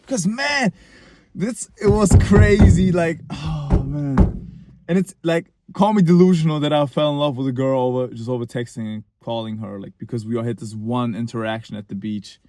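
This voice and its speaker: A man's voice: medium pitch, normal speed, noisy background. A young man telling a personal story in a casual, rambling monologue, full of fillers and short laughs.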